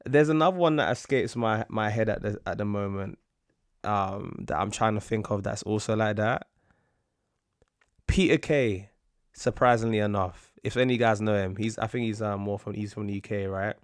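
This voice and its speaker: A man hosting a reaction video, talking casually in a relaxed, hesitant way and trailing off with fillers. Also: fairly low pitch, moderate pace, dry recording, clean studio sound.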